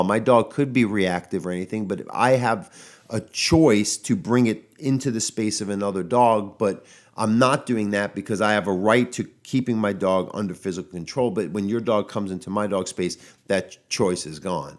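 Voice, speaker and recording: On his audio-only podcast, a US dog trainer talks by himself in a relaxed way, his voice on the low side and his pace normal. Frustration creeps in, and his speech is riddled with fillers and false starts.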